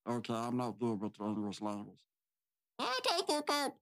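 A woman's voice: very deep voice, wildly swooping pitch, moderate pace, a bit bright, full character voice. A woman playing a bumbling male butler in an amateur comedic radio drama, stammering and tripping over her words. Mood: flustered.

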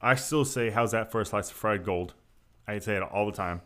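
A man's voice: lowish voice, fairly quick, fairly bright tone. A man co-hosting a podcast in casual chat, swearing freely and laughing as he talks. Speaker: podcast co-host.

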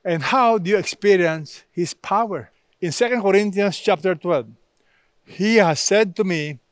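Slow, high-voiced man preaching a sermon. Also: no room sound, clean studio sound. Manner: emphatic, repeats key phrases for stress.

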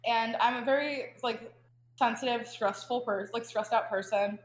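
A young woman in her twenties talks casually as a guest, spilling a story with plenty of fillers. Her voice sits a touch high, and the room around her rings with echo. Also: moderate pace, slight background noise. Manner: chatty storytelling with frequent fillers. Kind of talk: casual chat.

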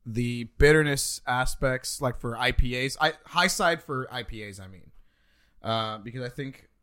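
Bright-voiced laid-back young man. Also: mid-range voice, normal speed, smooth. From Texas. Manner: laid-back, swears casually, reads facts aloud. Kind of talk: casual chat.

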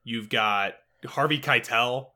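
Man, bright forceful voice, casual film podcast chat, animated, swears a lot, laughs often. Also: mid-range voice, takes it slowly. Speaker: podcast co-host.

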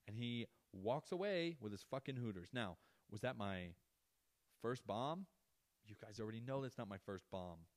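A man's voice: medium pitch, moderate pace, no room sound. A young adult man hosting a podcast, telling a story in a casual, profane, ranting way. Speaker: podcast host.

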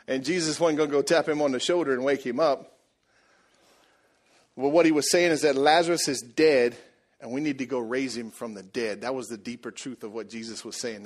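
A man preaching a sermon, telling the story in a lively, joking way and acting out the people in it. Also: medium pitch. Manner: animated, jokey storytelling, acts out voices. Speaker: pastor.

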